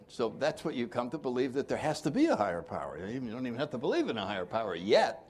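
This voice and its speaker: A man's voice: mid-range voice, sing-song, fast talker, hardly any pauses, a little hiss or hum. An older man giving an informal recovery workshop talk, joking and asking the audience questions.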